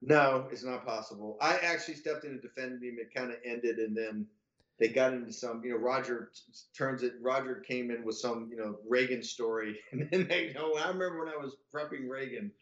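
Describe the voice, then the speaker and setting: A man's voice: mid-range voice, normal speed, fairly bright tone. Male podcast guest, loose profane storyteller who acts out the other voices; muffled, echoey room sound. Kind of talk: casual anecdotal storytelling.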